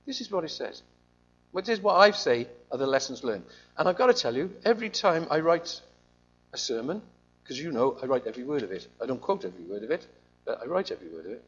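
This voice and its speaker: A man preaching a sermon in an animated, conversational storytelling way, on a slightly muffled recording. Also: fairly high pitch, a little fast.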